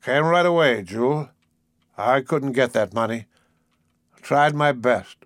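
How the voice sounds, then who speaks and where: A man reading the part of a heavily drunk young man who speaks thickly and haltingly. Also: mid-range voice, animated, fairly bright tone, dry recording, clean studio sound. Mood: weary. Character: heavy, drunk young man, weary and slurring.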